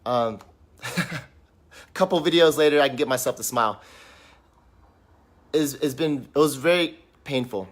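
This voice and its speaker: A man's voice: medium pitch, measured pace, long pauses. A man talking candidly in a personal vlog, sitting on a couch at home, in a raw, rambling, emotional way. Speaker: vlog host.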